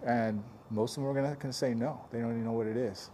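A man's voice: mid-range voice, fairly even intonation, quick pace, dark tone, a little hiss or hum. A man chatting and joking as he repairs a car dent, grumbling under his breath now and then. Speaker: paintless dent repair technician. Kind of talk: casual running commentary while working.

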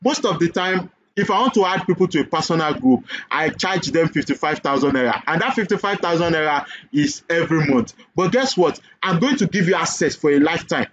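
A Nigerian-accented man with a fairly high voice delivers a persuasive sales webinar pitch, checking in with "okay?" and firing questions at the listener. The recording is dull and lo-fi, with a faint hiss underneath. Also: expressive, a little fast, hardly any pauses, fairly bright tone. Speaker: online business coach.

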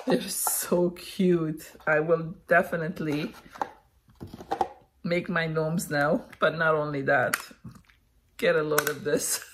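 A woman from Canada opening a parcel of craft supplies, chatting casually and gushing with thanks, a little unwell and clearing her throat. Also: deep voice, a little hiss or hum. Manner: gushing, slow and chatty, frequent thank-yous. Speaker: crafting vlogger opening happy mail. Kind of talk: casual unboxing chat.

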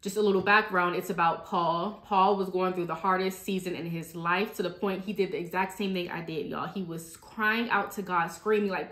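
A woman's voice: on the low side, steady tone, moderate pace, hardly any pauses, fairly bright tone. A woman hosting a ministry talk, giving an earnest personal faith testimony in a conversational way and speaking to listeners as y'all. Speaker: ministry host. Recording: echoey room.

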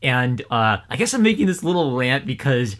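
A man at home giving a casual ranting vlog tip to his viewers, animated and laughing often, getting louder as he gets excited. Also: medium pitch, normal speed. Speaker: YouTuber.

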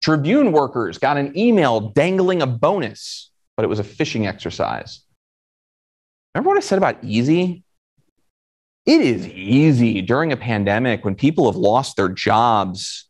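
A man from Florida giving a conference talk in a conversational way, asking the audience questions. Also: medium pitch. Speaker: conference speaker.

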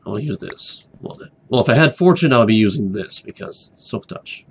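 A man's voice: on the low side, a little fast, gravelly, slight background noise. Rambling man narrating a game. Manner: rambling, repeats words, gets distracted and whispers excitedly. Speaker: gaming commentator. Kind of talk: rambling let's-play commentary.

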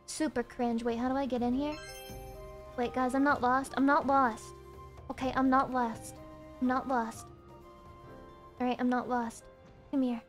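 A woman streaming a game playthrough, chatting excitably with loud outbursts and frequent laughter. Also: sits high. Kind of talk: live game playthrough chat.

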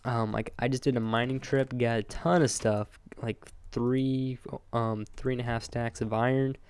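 A young man hosting his own gaming channel, chatting casually over his gameplay into a desk microphone, rambling and excitable and greeting his in-game animals. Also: mid-range voice, normal speed, smooth. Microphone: close desk microphone.

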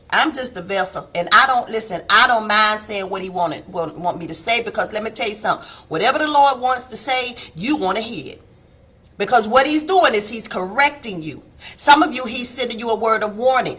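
A middle-aged woman preaches in a folksy, animated way over a live stream. Her voice is high and bright with a touch of huskiness. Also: husky. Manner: folksy, animated preaching, calls listeners baby and honey. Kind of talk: live-streamed devotional sermon. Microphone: phone or webcam on a live stream.

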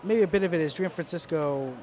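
A man's voice: on the high side, fast, a little mellow. Hesitant male boxing commentator, noisy arena. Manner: hesitant, many fillers and restarts; dry, wry asides. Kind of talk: live fight commentary.

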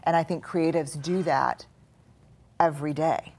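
A middle-aged woman with a notably low, deep voice speaks earnestly in a live studio conversation. She tells stories and slips into the voices of the thoughts she describes. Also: steady tone, unhurried, darkish tone. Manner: earnest, storytelling, acts out inner voices. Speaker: guest author and researcher.

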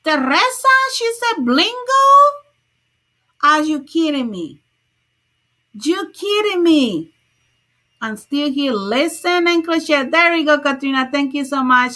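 A woman's voice: high voice, sharp tone. A woman hosting a crochet livestream, chatting casually, greeting viewers by name and laughing often.

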